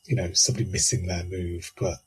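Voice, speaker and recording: A man co-hosting a casual podcast chat, relaxed and rambling. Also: low voice, fast talker, slight background noise. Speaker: podcast co-host.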